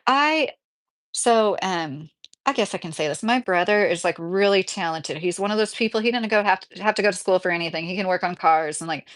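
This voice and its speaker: A woman's voice: lowish voice, brisk. Chatty woman streamer in her thirties. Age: 30s. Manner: chatty, laughs often, reads comments aloud. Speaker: livestream host reading chat. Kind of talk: casual livestream chat. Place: mobile home indoors.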